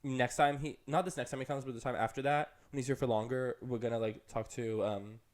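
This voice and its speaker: A man's voice: fairly even intonation, brisk. A young man co-hosting a podcast, telling a long story in casual chat with lots of "like" and "um". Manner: chatty, rambling, full of "like" and "um"; jumps up high for quoted voices and laughter. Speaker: podcast co-host.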